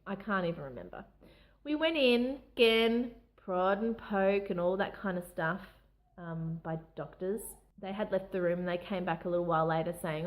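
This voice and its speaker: A young woman, telling a personal story to camera in a candid, emotional way, often restarting her sentences. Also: mid-range voice. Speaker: vlogger.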